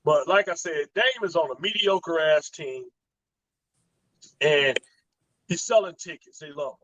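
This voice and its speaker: A man hosting a casual, profane sports chat, mocking players with quick impressions and laughing a lot. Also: a little high, a bit bright, slight background noise, low-quality recording. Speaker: podcast host.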